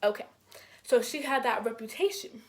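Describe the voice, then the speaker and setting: A woman's voice: moderate pace, slight background noise. A young woman telling a storytime vlog in casual chat, acting out quoted lines with big jumps in her voice and lots of "like" fillers. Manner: animated, acts out quotes with big pitch jumps; frequent "like" fillers, conversational. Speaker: vlogger.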